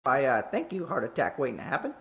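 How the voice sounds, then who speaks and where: A man's voice: medium pitch, wildly swooping pitch, fast, creaky, fairly bright tone, heavily acted. A man's synthesized voice playing a sarcastic, short firefighter from Canada who needles the others, with hesitant fillers. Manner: mocking, with filler "uh" and "there".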